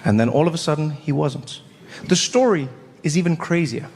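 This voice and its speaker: A man performing stand-up comedy, telling animated stories full of voice impressions. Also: on the high side, moderate pace. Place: comedy stage before an audience. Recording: live in a reverberant venue.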